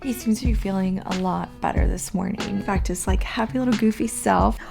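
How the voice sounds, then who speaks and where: A young woman vlogging casually, chatty and emotional, cooing at her dog in a high voice. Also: brisk, gravelly, music in the background. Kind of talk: casual vlog talk to camera.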